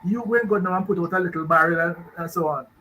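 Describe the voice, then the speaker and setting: Jamaican man, radio guest expert, emphatic and rambling, bright somewhat high voice. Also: quick pace, slight background noise, rough recording. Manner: emphatic, rambling, asks rhetorical questions. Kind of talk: radio talk show discussion.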